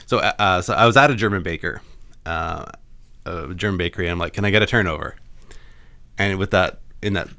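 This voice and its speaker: Man, low voice, dry close sound, playful storyteller, podcast co-host. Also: brisk, pushed and bright, dry recording. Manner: laughing, storytelling, playful puns. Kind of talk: casual comedic chat.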